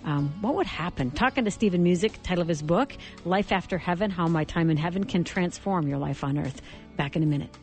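A woman hosting a Christian radio interview, earnest and telling stories with halting restarts. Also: lowish voice, lively intonation, over music. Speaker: radio show host.

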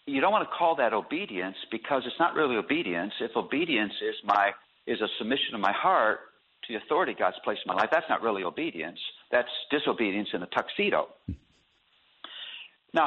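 A man guest on a radio interview, explaining his ideas through animated stories and acted examples. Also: mid-range voice. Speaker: author and guest. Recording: tinny phone-line audio.

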